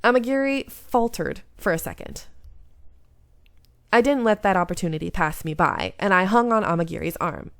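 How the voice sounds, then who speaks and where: A woman's voice: fairly low pitch, animated, moderate pace, creaky, fairly bright tone, no echo, clean studio sound. Woman reading a visual novel aloud. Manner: narrates in first person, breaks off to comment. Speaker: gaming YouTuber.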